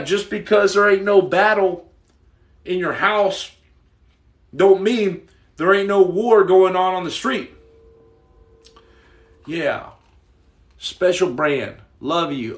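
A man hosting a casual livestream, reading viewer comments, joking loudly in slang and turning soft and earnest. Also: a little high, reverberant, recorded from a distance. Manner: boisterous, jokey, slangy, swings to soft earnest. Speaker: livestream host.

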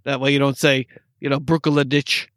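A man's voice: a little high, animated, brisk, a bit bright, no room sound, clean studio sound. A man with an upstate New York accent co-hosting a casual podcast, joking, laughing often and rambling through restarts. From New York State. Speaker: podcast co-host. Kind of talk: casual chat.

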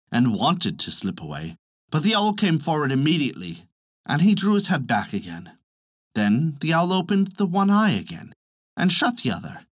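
A man narrating a folk tale as a storyteller, expressive and animated. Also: medium pitch, dry recording, clean studio sound.

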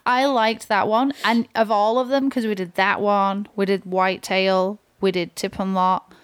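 A woman's voice: mid-range voice, steady tone, clean tone. Woman, podcast co-host, chatty, laughs a lot, swears casually. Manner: laughing, swearing, quick storytelling. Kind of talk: casual chat.

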